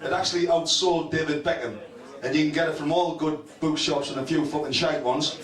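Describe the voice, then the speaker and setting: A man's voice: on the high side, fairly even intonation, brisk. A middle-aged man hosts a live on-stage interview, joking and swearing as he asks questions and plugs a book. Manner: joking, profane, plugs and asides. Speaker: host, interviewer. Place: function room with a live audience. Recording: echoey room, far mic, crowd noise.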